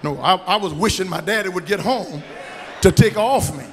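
High-voiced preacher in a reverberant church. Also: male voice, moderate pace, slight background noise. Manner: preaching with shouted, sing-song rises. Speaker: pastor. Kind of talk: sermon. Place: church sanctuary. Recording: echoey church with long reverb.

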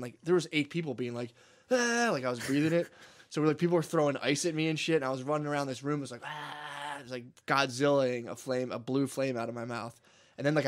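Guy cohosting a podcast, rattles off a wild story fast, cusses a ton, laughs a lot. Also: medium pitch. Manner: profane, laughing, rambling. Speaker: podcast co-host. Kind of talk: casual storytelling chat.

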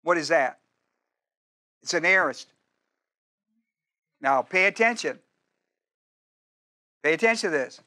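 A male pastor preaching a teaching sermon, emphatic and repetitive, slowing down to stress key commands and quizzing his listeners with questions. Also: a little high, expressive, sharp tone. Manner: emphatic, repeats phrases, slows down to stress commands.

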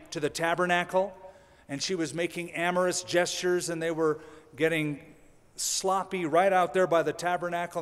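A man's voice: fairly high pitch, clear, resonant tone, big-room sound. A male pastor preaching a sermon in a conversational way, with dry humorous asides.

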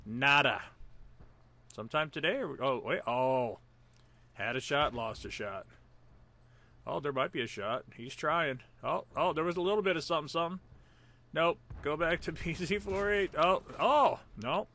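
A man giving live, joking commentary over a friend's tank battle, reacting loudly to hits and misses and teasing the player. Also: on the high side, normal speed. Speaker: gameplay commentator.

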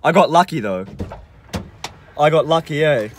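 Young male vlogger, lively pitch, swears constantly, noisy backdrop. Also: normal speed. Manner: swears constantly, exasperated ranting. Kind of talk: casual vlog talk.

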